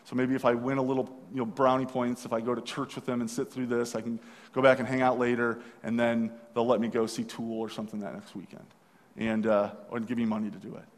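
A young man sharing a personal testimony, telling it in an earnest, halting way with many restarts. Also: medium pitch, little pitch movement, big-room sound. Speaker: speaker sharing his testimony.

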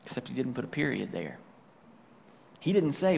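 A man's voice: mid-range voice, very animated, a little fast, gravelly, long pauses, darkish tone, a little hiss or hum. Male pastor in an echoing hall. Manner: conversational, paraphrasing with asides. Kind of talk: sermon retelling a scripture story. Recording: long reverb of a church hall.

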